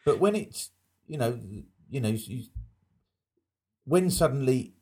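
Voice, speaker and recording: A man's voice: mid-range voice, expressive, slow pace, warm tone, husky. A man talking in a casual chat, emphatic and opinionated.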